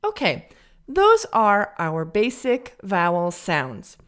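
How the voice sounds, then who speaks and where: An English teacher and podcast host from Illinois, United States, gives a slow, clear pronunciation lesson in a General American Midwest accent. Her medium-pitched, fairly bright voice swings hugely in pitch. She speaks with careful, deliberate teacher's delivery, drawing out the model sounds.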